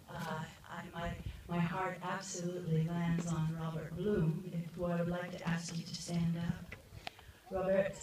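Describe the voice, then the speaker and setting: A middle-aged woman addresses an outdoor cemetery ceremony with earnest, heartfelt warmth, her voice sitting fairly low. It booms through a public address system that echoes heavily and reaches the recorder from far off. Steady background noise runs underneath. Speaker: ceremony speaker. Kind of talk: public memorial speech.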